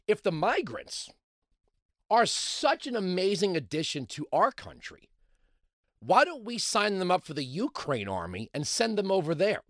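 In studio-quality audio with no echo, a man hosting a talk radio show runs through a sarcastic, mocking monologue. He alternates between loud outbursts and quiet mutters.

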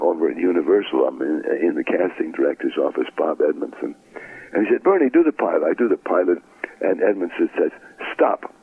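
A man's voice: sits low, slightly rough, dry recording. An older man from Brooklyn, an actor telling stories in an interview, acting out the voices of people he quotes. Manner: anecdotal, acts out quoted voices. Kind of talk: storytelling interview. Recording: tinny phone-like line.

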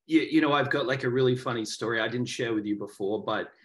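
A man's voice: medium pitch, fast talker. A man in his thirties from Australia, with a faded Australian accent, chatting as a podcast guest in a rambling way, full of fillers and restarts. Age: 30s. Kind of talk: casual interview chat.

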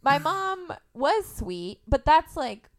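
A young woman from Indiana, a podcast guest in casual conversation, telling lively stories about her family and laughing often. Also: sits high, slow pace. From Indiana, USA. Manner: animated storyteller, laughs often. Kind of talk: casual interview chat.

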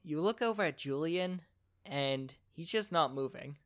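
Smooth-voiced man running a tabletop game. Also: on the high side, a little slow. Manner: relaxed, conversational narration with fillers. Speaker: game master.

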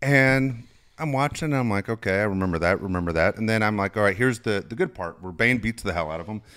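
A man's voice: lowish voice, fairly quick, a bit bright, smooth. A middle-aged man telling rambling, self-mocking stories in a casual chat, swearing freely. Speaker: podcast co-host and father.

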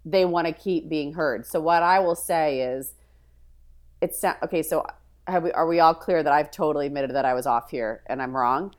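Low-voiced woman talking things through aloud. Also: normal speed. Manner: verbal processor, frank, thinks aloud in restarts. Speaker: podcast guest. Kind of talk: casual conversational interview.

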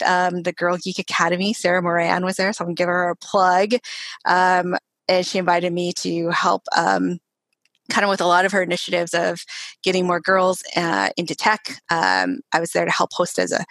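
A chatty woman talks freely as a guest in a casual interview, with lots of ums. Her voice sits a little low, and the sound is dry and close. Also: a bit bright, no room sound. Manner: chatty, filler-heavy. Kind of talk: casual chat.

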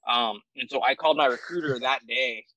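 A man's voice: medium pitch, fairly quick, pushed and bright, dry recording, low-quality recording. A man in his forties from the United States, a military veteran guest telling his story in a loose, self-deprecating way, full of fillers and restarts. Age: 40s. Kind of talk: casual storytelling interview.

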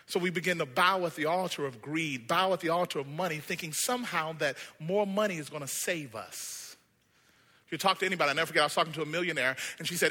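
A man preaching a sermon as pastor, animated, swinging between hushed lines and shouted ones. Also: fairly high pitch, quick pace, long reverb tail.

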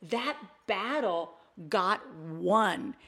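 An older woman co-hosting a faith-based talk show, recounting a personal testimony. She tells it with animation and acts out the voices of the people she quotes. Her pitch sits in the middle range for a woman. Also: expressive, drawn-out words, creaky, bright, forceful tone, slightly rough. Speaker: Christian talk show co-host.

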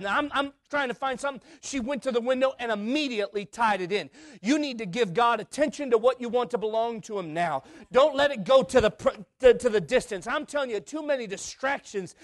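A man preaching a sermon, fervent, repeating his words, his voice swinging between loud bursts and near-hushed lines. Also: very high voice, no echo, studio quality. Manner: fervent, repeats words, voice rises and drops sharply.

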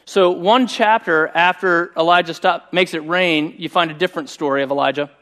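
A middle-aged man preaching a sermon, telling a personal story in a conversational, animated way. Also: fairly high pitch, normal speed. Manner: conversational and animated, voicing quoted speech. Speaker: pastor.

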